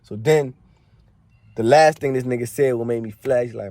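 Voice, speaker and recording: A man's voice: mid-range voice, moderate pace, mellow. A young man telling a story in casual slang, swearing freely and filling his talk with "like" and "man". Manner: slangy and profane, packed with "like" and "man" fillers.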